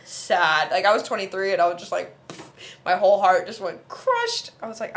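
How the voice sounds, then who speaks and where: A woman's voice: mid-range voice, moderate pace. A young woman from Oman in her twenties, telling a personal story on a casual podcast chat and acting out the quotes. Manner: animated storyteller who acts out quotes. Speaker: podcast co-host and musician.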